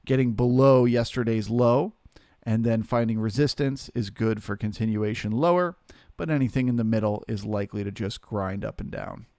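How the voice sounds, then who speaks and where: A man hosting a live trading stream, talking through the market in a relaxed, chatty way and greeting viewers by name. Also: fairly low pitch, moderate pace, no room sound, clean studio sound.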